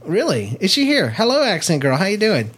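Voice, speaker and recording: A man's voice: sits high, wildly swooping pitch, brisk, background noise. A middle-aged man co-hosting a casual family podcast with his daughter, chatty and playful, laughing often and filling gaps with ums and restarts.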